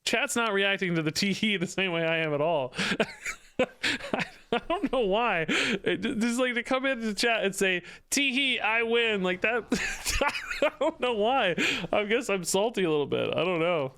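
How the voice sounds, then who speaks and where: Young guy streaming a card game, bright crisp voice, chatty and self-mocking, laughs a lot. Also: high-pitched, expressive, moderate pace. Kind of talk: casual gameplay commentary.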